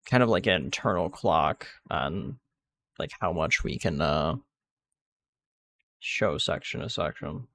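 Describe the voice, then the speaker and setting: A man's voice: deep voice, lively intonation, slow pace, pauses often, fairly bright tone, dry recording, clean studio sound. A man giving casual gameplay commentary, rambling and restarting sentences with many fillers. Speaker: gaming video creator.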